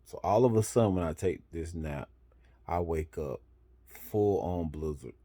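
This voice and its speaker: A man who drives trucks telling a story in a casual, rambling way, correcting himself as he goes and marking each turn with "boom.". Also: moderate pace, dark tone, husky.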